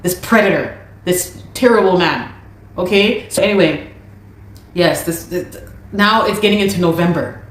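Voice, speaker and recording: A woman's voice: on the low side, normal speed, long pauses, roomy sound, poor audio. A woman telling her own story to camera in an emphatic, indignant way, repeating her key points.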